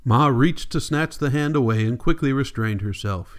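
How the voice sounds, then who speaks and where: A man narrating a classic novel as an audiobook, steady and measured. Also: medium pitch. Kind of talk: scripted narration.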